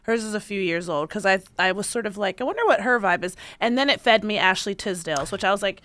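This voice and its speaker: A woman's voice: mid-range voice, fast talker. A woman from Baltimore hosting a podcast, chatting casually, telling stories with frequent laughter. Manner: laughs often, animated storytelling. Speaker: podcast host. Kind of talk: casual chat.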